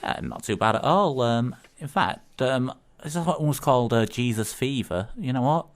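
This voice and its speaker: A man's voice: mid-range voice, lively intonation, moderate pace. A man co-hosting a casual community radio show, talking in a rambling, hesitant way with lots of ums, recorded in a studio. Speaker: radio co-host.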